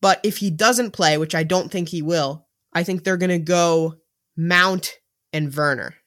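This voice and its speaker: A man co-hosting a casual sports podcast, who talks tactics in an animated, jokey way. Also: a little high, a little slow. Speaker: podcast co-host.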